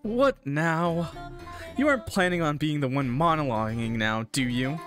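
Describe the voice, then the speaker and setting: A man's voice: fairly high pitch, animated, unhurried, a bit bright, soft background music. A man voicing a cold, scornful young woman cannibal killer, with a dry, dismissive, bored delivery. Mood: menacing.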